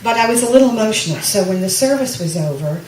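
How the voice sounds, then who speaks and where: A woman's voice: medium pitch, lively intonation, quick pace, a little mellow, a little hiss or hum. A woman giving a chatty personal testimony to a church congregation, with self-deprecating humor. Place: church sanctuary. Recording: echoey room, mic from a distance.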